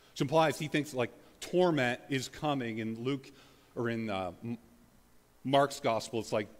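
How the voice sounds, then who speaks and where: A pastor delivers a sermon in a loose, conversational style, his slightly high voice holding a steady tone at a moderate pace in a big-room acoustic. He leans heavily on fillers like "like" and "you know," then breaks into bursts of dramatic scripture reading.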